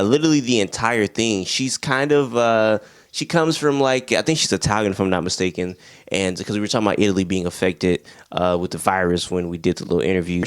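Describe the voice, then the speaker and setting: A young man talks through his favorite records with loose, slangy excitement, laughing and singing snippets as he goes. His voice sits a little low, and the recording is dry and close. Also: dry recording. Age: young adult. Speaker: music reviewer, channel host. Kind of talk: casual album review.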